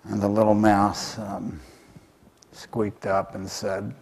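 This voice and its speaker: A man's voice: on the low side, flat delivery, slow, vocal fry. A man telling an animal folk tale in a talk, hesitant and full of fillers. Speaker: author and speaker.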